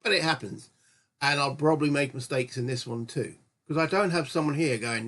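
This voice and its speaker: This is casual let's-play commentary from a man running a gaming channel, his voice a little high, brisk and somewhat bright. Playing a board game solo, he chats in a rambling way and keeps correcting himself.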